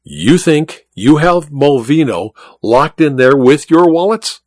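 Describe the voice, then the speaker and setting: A man doing an excitable, insistent gentleman. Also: a little high, takes it slowly, dry recording, clean studio sound. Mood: excited. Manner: excited, urgent.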